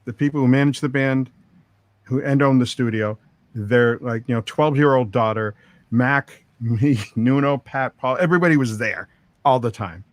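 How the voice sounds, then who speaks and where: A man's voice: medium pitch, normal speed, no room sound. Rambling storytelling man, dry close sound. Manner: rambling anecdotes with quoted dialogue and laughs. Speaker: record producer, interview guest. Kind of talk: storytelling interview.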